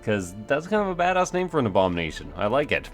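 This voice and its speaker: A man's voice: mid-range voice, huge pitch swings, quick pace, soft background music. A man hosting a let's play, thinking aloud in a rambling, self-mocking way with many fillers. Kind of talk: casual gameplay commentary.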